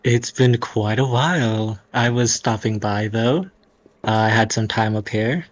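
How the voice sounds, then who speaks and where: A man's voice: lowish voice, a little slow, low-quality recording. A man playing his character in a tabletop game, casual and a bit hesitant. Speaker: player.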